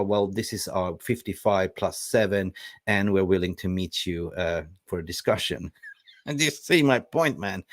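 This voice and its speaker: A man's voice: fairly low pitch, dry recording, clean studio sound. A man hosting a football livestream, talking bluntly and chatting casually with his viewers. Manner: blunt, animated, talks to viewers. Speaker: football channel host.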